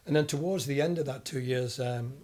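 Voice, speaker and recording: An older man from Scotland who used to play football relates anecdotes in an interview, bringing quoted people to life by acting out their voices. His mid-range voice moves fairly quickly and animatedly.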